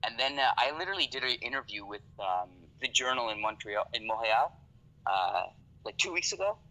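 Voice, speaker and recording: A man's voice: medium pitch, big pitch swings, brisk, pushed and bright, poor audio. A man from Canada, a podcast guest talking casually, swearing freely and often checking "you know what I mean". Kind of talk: casual conversation.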